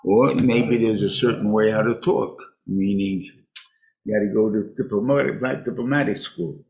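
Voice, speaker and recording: An older rabbi gives an informal Bible class, speaking haltingly with many restarts and Hebrew phrases. His voice sits low and carries a gravelly fry. He talks to a small group as they go through the text. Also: a little mellow. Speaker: rabbi teaching a weekly class.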